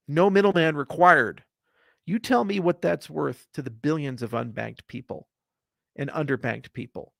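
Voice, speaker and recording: A man with a gravelly, somewhat high voice speaks to camera in a passionate, blunt and profane monologue, his level swinging from hushed to loud. The sound is dry and close, with no room echo. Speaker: crypto industry founder. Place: Colorado.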